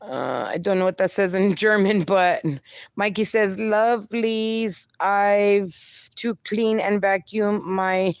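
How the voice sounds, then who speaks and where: Slow-talking woman streamer, dry sound. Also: mid-range voice, smooth, no room sound. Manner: laughs often, teasing, reads comments aloud. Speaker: livestream host reading chat. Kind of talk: casual live chat.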